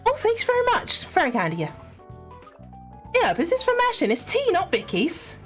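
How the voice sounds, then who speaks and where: A woman's voice: extremely high pitch, wildly swooping pitch, normal speed, soft background music, voice pushed up, exaggerated voice. A woman voicing a bubbly young female assistant with a put-on Yorkshire accent and blunt northern slang. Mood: excited.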